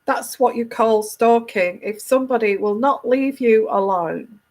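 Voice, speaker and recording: A woman's voice: a little high, measured pace, a little mellow. A woman tarot reader giving casual advice to a viewer, emphatic, often repeating herself and restarting her sentences.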